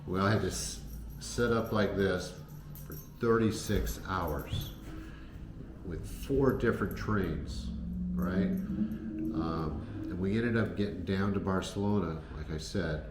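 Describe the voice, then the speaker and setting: A man's voice: low-pitched, slow. A man casually telling travel stories to the camera, rambling with many fillers and restarts. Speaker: travel vlogger. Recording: echoey room with faint noise.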